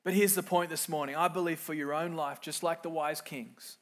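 A middle-aged man preaching a sermon, moving from quiet, reflective lines to loud, emphatic ones and acting out quoted voices. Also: fairly high pitch, steady tone, moderate pace. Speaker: pastor.

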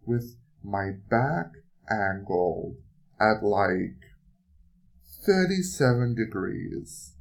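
A man hosting a podcast, telling a personal story in a casual, profane, animated way, with sudden jumps in pitch and loudness. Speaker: podcast host.

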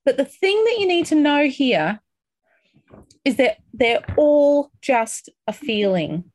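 Bright high-voiced woman coaching a group. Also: takes it slowly. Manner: upbeat, encouraging, acts out feelings with excited outbursts. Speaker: coach leading a group call. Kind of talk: motivational coaching talk.

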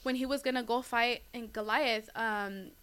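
Chatty young woman, slightly high voice. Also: fairly even intonation, normal speed, a bit bright, smooth. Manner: chatty, lots of fillers and "like", laughs at herself; addresses listeners as "guys". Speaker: host of a faith talk. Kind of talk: casual devotional talk.

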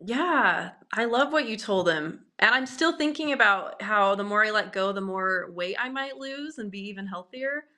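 A woman speaking as a guest on a podcast, relaxed and quick to laugh. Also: mid-range voice. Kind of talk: casual podcast conversation.

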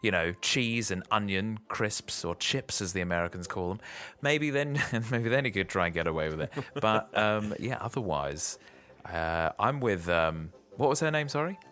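A man's voice: lowish voice, expressive, normal speed, a bit bright. A man co-hosting a podcast, chatting casually with wry, dry quips. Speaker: podcast co-host. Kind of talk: casual chat.

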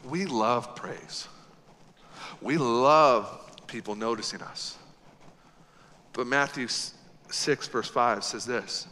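A male pastor preaching a sermon in a church, emphatic, swinging between loud exhortation and quiet earnest lines. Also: mid-range voice, slow pace. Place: church sanctuary. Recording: long hall reverb.

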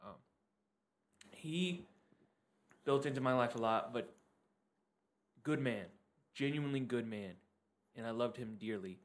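A man co-hosting a casual church podcast, telling a story in a heartfelt, relaxed way. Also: medium pitch, unhurried, pauses often.

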